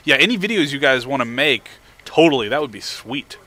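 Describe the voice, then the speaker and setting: A man's voice: medium pitch, animated, brisk, sharp tone. A young man hosting a casual live stream, cheerfully reading viewer messages aloud and chatting. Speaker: livestream host.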